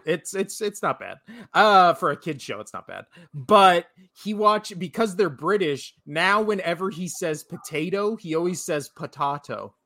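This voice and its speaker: A man's voice: high voice, expressive, unhurried, sharp tone, dry recording, clean studio sound. A man in his thirties co-hosting a casual sports podcast, joking and rambling, laughing often. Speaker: podcast co-host.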